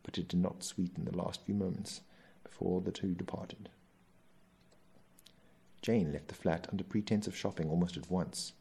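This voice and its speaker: A man reading a novel aloud in measured, even storytelling narration. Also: sits low, creaky, slightly rough. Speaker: audiobook narrator.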